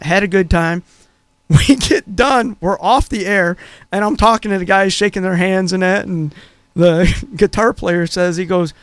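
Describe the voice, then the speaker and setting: A man with a high voice co-hosts a radio talk show and rambles through his stories, full of filler words. The sound is dry and close. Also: dry recording. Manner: rambling storyteller, many fillers. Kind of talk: casual chat.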